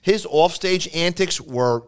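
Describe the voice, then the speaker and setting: A man's voice: fairly high pitch, slow, smooth. A man co-hosting a podcast in a studio, chatting casually and rambling with many restarts. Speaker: podcast co-host. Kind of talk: casual chat.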